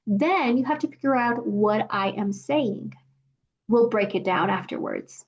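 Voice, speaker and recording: A woman teaching a scripted language lesson, speaking slowly and carefully when she demonstrates phrases. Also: medium pitch, highs cut off. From Mexico. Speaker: Spanish teacher.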